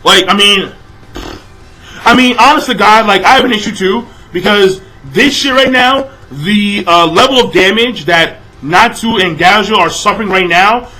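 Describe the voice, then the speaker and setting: A young man ranting through a manga chapter review, swearing freely, repeating himself and breaking into shouted outbursts. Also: high voice, moderate pace, rough recording. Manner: exasperated, profane, repeats phrases, shouts in bursts.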